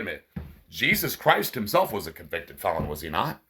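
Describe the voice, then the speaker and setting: A man's voice: low voice, wildly swooping pitch, a little fast, a bit bright, slight background noise. A man delivering a profane, sarcastic ranting monologue to his viewers. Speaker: vlogger.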